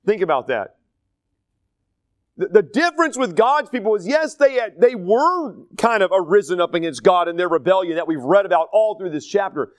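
A pastor from North Carolina teaches scripture and drifts into folksy stories. His voice sits a bit high for a man. The recording is dry, with no room sound. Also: animated, moderate pace, no room sound. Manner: conversational, digressive storytelling. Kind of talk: sermon, Bible study teaching.

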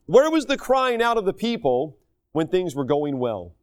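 High-voiced folksy American preacher. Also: male voice, moderate pace. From United States. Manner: folksy, animated, raises voice for quoted speech. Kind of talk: sermon.

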